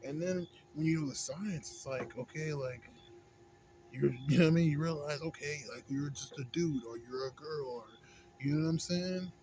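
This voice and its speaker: A young American vlogger rants casually at home while smoking a pipe, rambling with heavy slang, constant swearing and frequent "you know what I'm saying," moving from mumbles to loud, heated outbursts. His voice is a little high and his pace normal. The home recording carries clear background noise.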